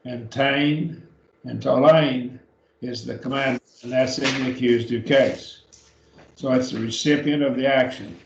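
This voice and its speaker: A man teaches grammar to a class in a slow, unhurried voice with a gravelly edge, often stopping to repeat himself or restart. He sounds like he is in a church classroom, with a roomy, somewhat dull recording around him. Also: mid-range voice, steady tone, a little hiss or hum. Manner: slow, repeats words, many fillers and restarts. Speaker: Greek teacher.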